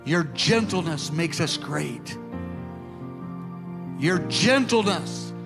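A man preaching a sermon with passion, moving between loud urgings and soft, hushed prayer. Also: on the high side, animated, takes it slowly, vocal fry, over music.

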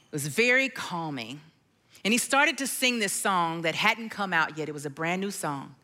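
A middle-aged woman giving a sermon testimony, telling her story expressively, dropping to hushed tones and singing bits of lyrics. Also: lowish voice, lively intonation, moderate pace. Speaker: worship leader giving testimony.

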